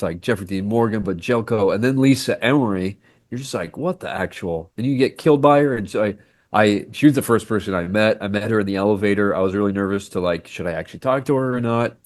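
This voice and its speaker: Lively, lower-voiced man telling stories. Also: no room sound. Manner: animated storyteller who acts out quoted dialogue. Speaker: actor guest. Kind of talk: casual podcast interview.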